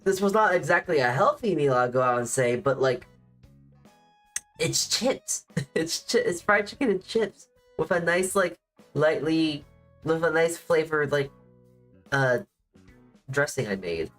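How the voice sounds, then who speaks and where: A man's voice: a little high, lively intonation, measured pace, a bit bright, poor audio. A man streaming as a VTuber, chatting casually in a rambling way, full of "like" fillers and self-deprecating asides. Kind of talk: casual livestream chat. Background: faint music playing.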